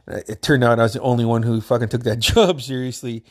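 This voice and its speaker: A man's voice: medium pitch, steady tone, fast talker. A man casually telling a rambling personal story, laughing often and swearing a lot.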